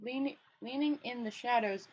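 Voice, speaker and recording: A woman's voice: fairly high pitch, moderate pace, a little mellow, husky, rough recording. Woman reading a novel aloud, casual. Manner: casual, stumbles and rereads. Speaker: storyteller.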